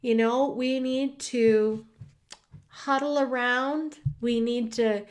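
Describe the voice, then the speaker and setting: A woman's voice: a little high, steady tone, slow pace. A woman hosting a livestream from her home studio, emotional and rambling, with many restarts. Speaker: host. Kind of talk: casual livestream talk.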